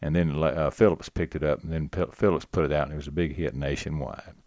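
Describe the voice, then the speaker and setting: A man's voice: very deep voice, steady tone, a little mellow, no echo, clean studio sound. A man hosting an oldies radio show, chatting about old records in an easygoing way with lots of filler words. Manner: easygoing, unhurried, with frequent "uh" fillers. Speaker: radio disc jockey.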